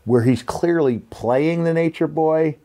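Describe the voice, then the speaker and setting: A man's voice: on the high side, unhurried, mellow. A man in his fifties with a slight New York accent, a podcast host and former wrestler telling stories in a reflective, rambling way with many fillers. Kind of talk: casual storytelling chat.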